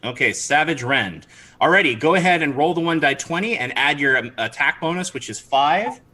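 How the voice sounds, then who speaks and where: A man's voice: fairly high pitch, expressive, fairly quick, sharp tone, rough recording. A man narrating a tabletop game as game master, chatty, with frequent restarts. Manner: chatty, with many restarts and fillers.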